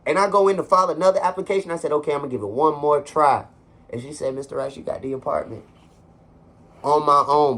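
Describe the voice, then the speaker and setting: A man's voice: a little high, fairly bright tone. A young man talking earnestly and conversationally to his viewers from his apartment, urging them on like a motivational speaker. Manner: earnest, preachy, conversational, addresses viewers directly. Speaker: vlogger. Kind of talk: heartfelt motivational monologue.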